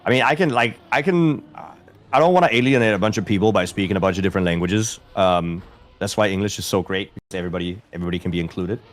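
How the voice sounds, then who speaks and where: A man's voice: lowish voice, fast talker. A man in his thirties with a light Danish accent, chatting casually on a game stream and answering chat. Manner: easygoing, chatty, self-deprecating.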